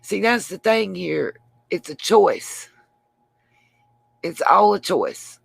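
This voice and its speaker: A woman's voice: mid-range voice, animated, takes it slowly, creaky, slightly rough, dry recording. A woman hosting her own channel, talking casually on a livestream, rambling and answering viewers by name. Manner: rambling, addresses viewers by name, frequent restarts. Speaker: channel host.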